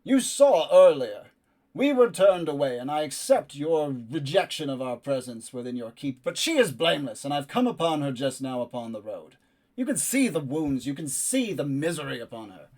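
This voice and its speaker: A man voicing a formal, earnest male warrior who speaks loudly and with grave courtesy. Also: fairly high pitch, big pitch swings, moderate pace. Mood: earnest pleading. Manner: loud, formal and declaiming.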